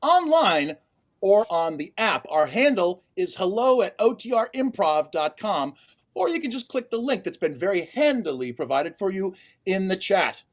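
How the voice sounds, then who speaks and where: A man refereeing an online improv comedy match, chatty and quick to rule on the jokes, speaking over a video call. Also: high voice, sing-song. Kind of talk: casual show hosting.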